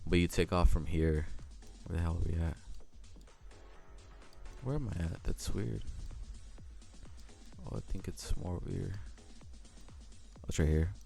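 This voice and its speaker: A man's voice: sits low, fairly even intonation, unhurried, creaky, pauses often, mellow, soft background music. A young man with a Mexican American accent, rambling casually in a vlog, interrupting himself and swearing now and then. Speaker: vlogger.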